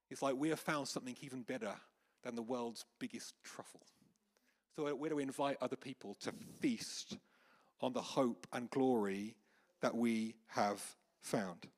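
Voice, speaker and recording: Man preaching a story-driven sermon. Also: mid-range voice. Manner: anecdotal storytelling with lively acted quotes. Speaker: pastor. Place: church hall with congregation.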